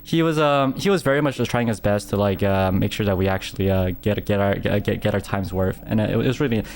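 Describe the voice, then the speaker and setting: A young man streamer telling a story in casual chat, animated, with stammering restarts and frequent laughter. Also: fairly low pitch, quick pace, a little hiss or hum.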